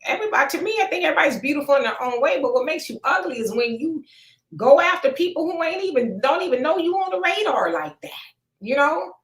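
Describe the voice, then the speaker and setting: A woman's voice: high voice, very animated, fast talker, fairly bright tone. A woman hosting a casual live chat, reading out viewer comments in a laid-back, folksy way and laughing often. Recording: echoey room.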